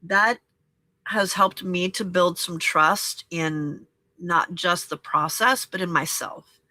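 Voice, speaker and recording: A woman with a bright, clear voice talks through a monthly reflection for a crafting challenge. She speaks gently and encouragingly and keeps checking in with her viewers. The sound is close and dry, with no room echo. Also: on the low side, takes it slowly. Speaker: host of a journaling and crafting challenge. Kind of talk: reflective casual talk to viewers.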